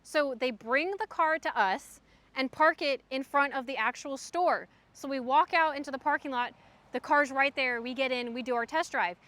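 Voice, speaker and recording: A young woman livestreamer telling a story in casual chat, animated and full of fillers. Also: high-pitched, normal speed, no room sound. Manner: chatty, animated, frequent "like" fillers.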